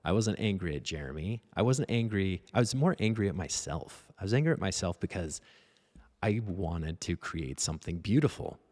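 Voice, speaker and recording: A man's voice: deep voice, animated, normal speed, darkish tone. A man in his forties, a painter and art teacher, talking casually while he paints, rambling and self-deprecating.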